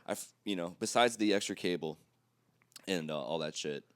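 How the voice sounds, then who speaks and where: A man co-hosting a podcast, telling a story in casual chat, profane and animated, acting out his own reactions. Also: sits low, moderate pace, smooth, no room sound, clean studio sound. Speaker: podcast co-host.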